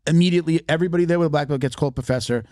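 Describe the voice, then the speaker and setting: A man's voice: on the high side, racing, a little mellow, no echo, studio quality. A man who is a martial arts marketing expert, talking casually as a podcast guest and telling stories with emphasis and many restarts.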